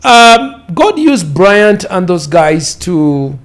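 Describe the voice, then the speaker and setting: A man's voice: high voice, big pitch swings, extremely slow. A man in his fifties with a Ugandan accent, a pastor telling his life story in an interview, rambling and repeating words for emphasis. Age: 50s.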